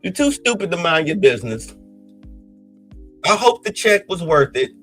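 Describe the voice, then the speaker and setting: A man's voice: high-pitched, very animated, normal speed, a bit bright, faint music behind, low-quality recording. A man hosting a podcast, giving heated, blunt political commentary in an agitated, ranting way. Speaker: podcast host.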